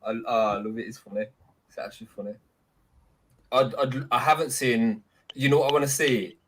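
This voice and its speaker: A man chats and jokes on a live stream and laughs readily. His voice sits at a middling pitch, and clear background noise runs under it. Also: fairly even intonation, a little fast, a bit bright. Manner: giggly, joking. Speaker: stream guest. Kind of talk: casual group chat.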